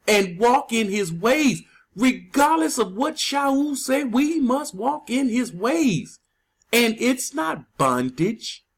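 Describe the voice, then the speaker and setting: High-voiced emphatic man preaching scripture. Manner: emphatic, drawn-out stresses on key words. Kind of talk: scripture teaching sermon.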